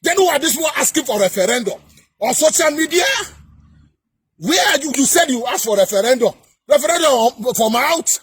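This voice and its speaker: A man with a Nigerian accent delivering a heated political rant to camera, repeating himself and often shouting. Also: very high voice, expressive, a little fast, breathy edge, dry recording. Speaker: political commentator.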